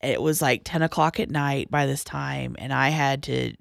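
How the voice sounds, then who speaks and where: Young woman w a low gravelly voice telling her story in halting bits, trails off a lot, dry close sound. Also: steady tone, no room sound. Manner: halting, with frequent restarts and trailing-off lines, dropping quiet at hard moments. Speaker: guest sharing personal story. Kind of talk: personal testimony on a podcast.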